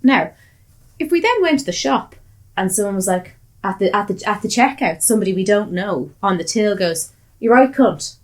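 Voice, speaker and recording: A woman's voice: medium pitch, expressive, normal speed. An Irish woman hosting a casual chat, blunt and sweary, telling stories with animation. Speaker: podcast host.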